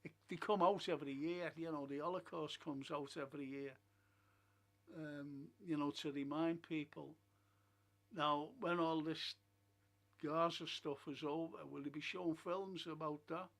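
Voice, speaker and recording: On his film and TV review stream, a chatty, storytelling host shares blunt opinions in casual conversation. He's a man with a fairly high pitch, fairly even intonation, a fairly bright tone, and a measured pace, speaking through a streaming setup.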